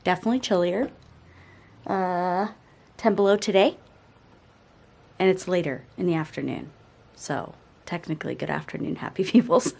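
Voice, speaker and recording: A woman in her thirties chatting casually to her vlog viewers in a bubbly, upbeat way, laughing often. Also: mid-range voice. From Alaska. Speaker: family vlogger.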